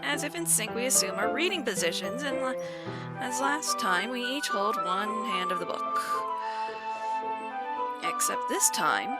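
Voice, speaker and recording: A woman's voice: a little high, lively intonation, measured pace. Young woman reading a visual novel aloud. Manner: reads narration with stumbles and restarts, breaks into giggly asides. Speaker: let's play host. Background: game music.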